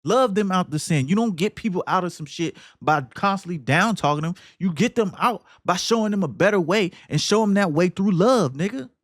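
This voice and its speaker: A man hosting a podcast, talking casually and emphatically about a film, cursing freely and swinging between loud outbursts and low muttering. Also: lively intonation, a little fast, hardly any pauses, dry recording, clean studio sound. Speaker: podcast host.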